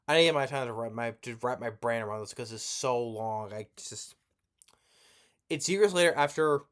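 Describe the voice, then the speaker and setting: A man's voice: mid-range voice, fairly quick, a bit bright, clean tone. A man giving a rambling, profane movie review rant, sleepy and yawning as he talks, with lots of restarts.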